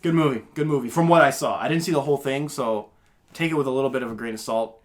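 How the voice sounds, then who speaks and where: A man's voice: mid-range voice, fast talker. A young man hosting a podcast, chatting casually in a rambling, laid-back way. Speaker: podcast host. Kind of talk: casual chat.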